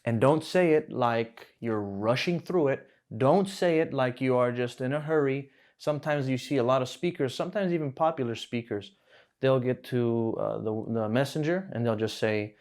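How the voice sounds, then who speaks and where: A man gives a language lesson at a whiteboard, patient and steady. He slows down to spell out each word and repeats phrases so students can follow. His voice sits at an ordinary middle pitch for a man. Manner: patient, explains slowly and repeats words. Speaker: Arabic teacher.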